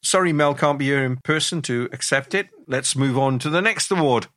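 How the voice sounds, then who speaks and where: Male podcast host, wry award presenter, bright tone. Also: mid-range voice, fairly quick, no echo, clean studio sound. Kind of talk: casual film chat.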